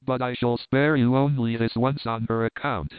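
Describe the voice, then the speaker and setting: A man reading the lines of a powerful, jungle-raised hero in an audiobook, making calm, deliberate threats. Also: medium pitch, dry recording, natural voice. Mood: menacing. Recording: crisp, dry, phone-like narrow sound.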